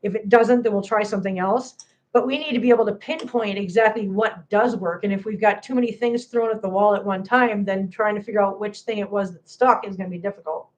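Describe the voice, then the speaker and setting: A woman's voice: mid-range voice, brisk. Tearful, impassioned woman streamer. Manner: emphatic, impassioned, repeats phrases. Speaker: cat channel host. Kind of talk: livestream chat to viewers.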